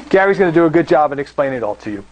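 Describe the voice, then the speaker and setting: A man's voice: fairly high pitch, sing-song, fast talker, a little mellow, low-quality recording. A man co-hosting a meetup, introducing the next speaker in a plain, encouraging way. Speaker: meetup co-host.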